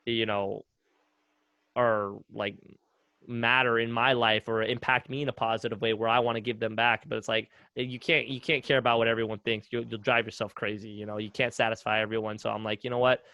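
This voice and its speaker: A man's voice: fairly low pitch, a little fast, no room sound. A young man talking casually on a podcast, telling stories with lots of fillers and acted-out quotes. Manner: relaxed storytelling with many fillers, acts out quotes. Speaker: guest, retired runner.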